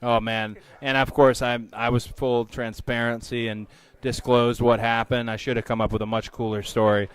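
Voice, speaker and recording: Male wrestler, interview guest; relaxed and candid, with a medium pitch and a smooth tone. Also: moderate pace, hardly any pauses. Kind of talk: interview answers.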